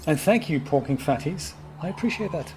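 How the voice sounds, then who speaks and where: A man hosting a live game stream, thinking out loud about what to craft and chatting back to his viewers as he plays. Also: a little high, animated, fairly quick, background noise. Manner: chatty, thinks aloud and answers viewer chat. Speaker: let's play host. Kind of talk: casual live gameplay commentary. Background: game music.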